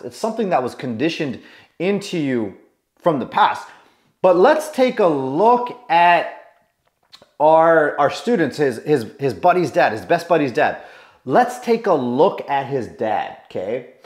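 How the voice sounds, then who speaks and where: A man's voice: mid-range voice, echoey room. A man coaching to camera in an emphatic way, repeating himself and asking rhetorical questions. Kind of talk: motivational lesson to camera.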